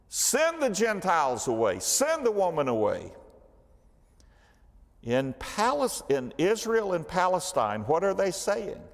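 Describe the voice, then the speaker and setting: Church bible study guy, kinda high voice, slow and animated, echoey hall. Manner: animated storytelling, asks the class questions. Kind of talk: teaching a Bible study class.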